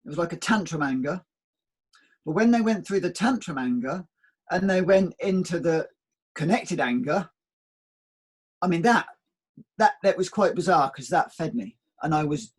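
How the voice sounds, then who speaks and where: A man in reflective conversation, telling stories at an easy pace and circling back over his words. His voice is a touch high and husky. The talk is casual spiritual chat. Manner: reflective, storytelling, repeats words. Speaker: co-host.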